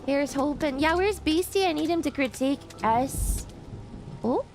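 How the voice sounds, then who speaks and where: A woman streaming a game and chatting casually, thinking out loud and swearing freely. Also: high voice, measured pace, noisy background. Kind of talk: casual live-stream chat while gaming.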